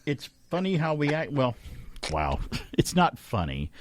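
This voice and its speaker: A man's voice: fairly high pitch, wildly swooping pitch, unhurried, a little hiss or hum. A man hosting a talk radio show, chatting at length and correcting himself as he rambles along. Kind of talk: casual chat radio talk. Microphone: studio microphone.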